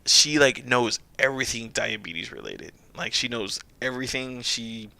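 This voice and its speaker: A man's voice: medium pitch, big pitch swings, moderate pace, vocal fry, sharp tone, no room sound. A young adult man streaming a game, rambling through a casual story with many restarts and frequent laughs. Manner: rambling, self-interrupting storyteller who laughs often. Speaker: streamer and pharmacist. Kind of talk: casual chat while livestreaming a game.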